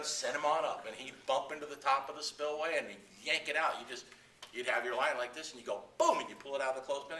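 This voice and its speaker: Animated storytelling man, echoey room. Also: medium pitch, a little hiss or hum. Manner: animated yarn-spinner, acts out quotes, laughs often. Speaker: guest speaker at anglers club. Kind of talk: storytelling to a club audience. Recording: echoey room, speaker far from mic.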